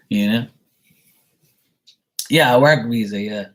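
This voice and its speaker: A man's voice: medium pitch, drawn-out words, pauses often. A man from Bermuda chatting casually as he answers viewer messages, rambling and laughing at himself. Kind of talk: casual live chat reading.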